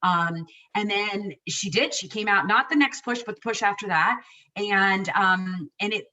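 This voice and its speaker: A woman's voice: mid-range voice, a little slow, sharp tone, recorded from a distance, low-quality recording. A woman in her forties telling her own birth story in casual chat, emotional and rambling with many restarts.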